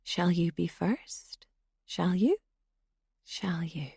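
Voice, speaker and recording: A woman's voice: medium pitch, lively intonation, slow, dark tone, slightly rough, no echo, studio quality, heavily acted. A woman voicing a menacing night intruder in a whispered role-play, taunting and repetitive.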